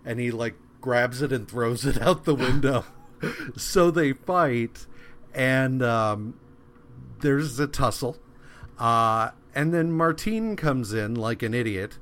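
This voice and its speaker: A man casually recapping a comic book on a podcast, rambling and dropping into quick voiced asides. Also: mid-range voice, fairly bright tone. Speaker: podcast co-host.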